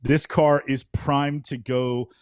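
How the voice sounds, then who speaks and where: A man's voice: mid-range voice, level tone, slow, clean tone, dry recording, clean studio sound. A middle-aged man co-hosting a podcast, giving blunt, emphatic opinions in casual talk. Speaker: podcast co-host. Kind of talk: casual chat.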